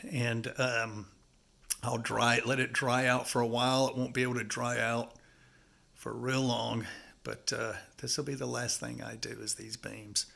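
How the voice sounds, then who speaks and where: A man with a gravelly, stuffed-up voice chats in a folksy, meandering way, calling his viewers folks. He sounds easygoing as he talks about his build indoors, at an ordinary pitch for a man. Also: flat delivery, a little slow, bright, forceful tone. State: congested, stuffy nose. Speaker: home-building vlogger. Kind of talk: casual talk to camera while working. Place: house under construction, indoors.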